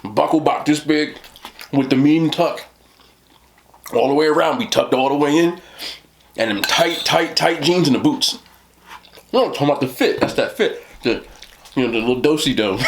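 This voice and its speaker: Rambling New Jersey man with lively pitch. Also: a little hiss or hum. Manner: rambling, laughing, lots of "you know what I'm talking about". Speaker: mukbang host. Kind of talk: casual storytelling to camera.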